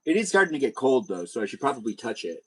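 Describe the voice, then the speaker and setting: A young man hosting a casual livestream with a middle-pitched voice. He rambles in a loose, jokey way and keeps tossing questions at his guests. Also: very animated, fast, a bit bright, slightly rough, poor audio. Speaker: livestream host.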